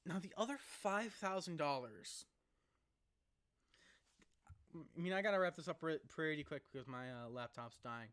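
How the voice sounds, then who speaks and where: A young man vlogging casually into a laptop mic, rambling and laughing as he talks, sometimes rushing and sometimes slowing down. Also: a little high, lively intonation, a bit bright, smooth. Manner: rambling, laughs often, jumps between fast and slow. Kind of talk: casual to-camera vlog.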